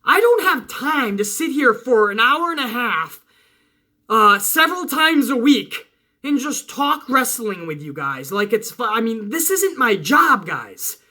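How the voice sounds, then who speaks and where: Loud, yelling man ranting about wrestling. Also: very high voice, very animated, unhurried. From Italian-American household. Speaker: wrestling channel host. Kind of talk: casual rant to viewers.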